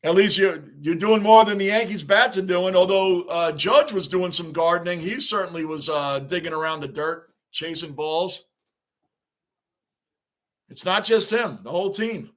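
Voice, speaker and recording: A man's voice: high voice, normal speed, a bit bright. A man hosting a live stream, chatting casually as he reacts to a baseball game and reads viewer comments aloud, sounding like a frustrated fan.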